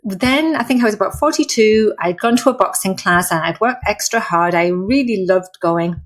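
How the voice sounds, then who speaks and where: A woman's voice: mid-range voice, moderate pace. A woman, a guest in a casual interview, talking in a chatty, candid and self-deprecating way with frank slang. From England. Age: 50s. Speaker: guest, personal trainer and author.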